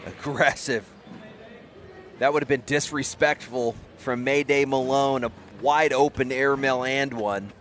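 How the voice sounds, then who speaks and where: Man, play-by-play commentator, brisk, excitable, mid-pitched voice. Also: a little hiss or hum. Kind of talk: sports commentary.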